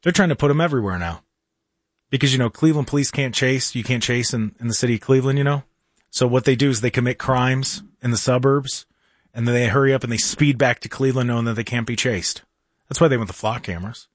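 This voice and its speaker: A man's voice: mid-range voice, fast talker, no room sound, clean studio sound. A male talk radio host ranting in casual chat, with many restarts.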